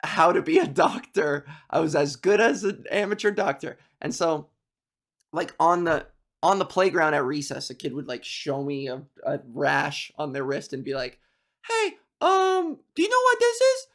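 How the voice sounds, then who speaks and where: A man's voice: on the high side, steady tone, moderate pace, fairly bright tone. A young Canadian man, a comedian, rambling through self-mocking stories and laughing at his own jokes. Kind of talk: rambling stand-up storytelling.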